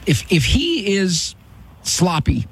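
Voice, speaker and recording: Lively husky man giving blunt advice. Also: sits high, slow pace. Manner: blunt, lively, mimics voices in quotes. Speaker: radio call-in host, psychologist. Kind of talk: call-in advice radio.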